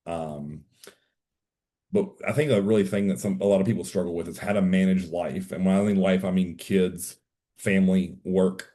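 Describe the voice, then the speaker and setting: A man hosting a casual podcast chat as a coach, speaking in an easygoing, soft-spoken way that trails off. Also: low-pitched, fairly even intonation, normal speed.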